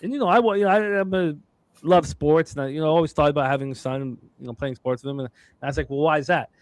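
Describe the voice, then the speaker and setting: A man's voice: on the high side, fast, dry recording. A man hosting a sports betting show, talking casually with rambling self-corrections and upbeat introductions.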